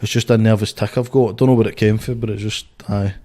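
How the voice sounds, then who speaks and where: A man's voice: on the low side, steady tone, fast talker, mellow. A Scottish man in his twenties, a boxer and podcast guest, telling rambling stories full of swearing. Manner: swears constantly, rambling storyteller. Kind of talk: casual podcast chat.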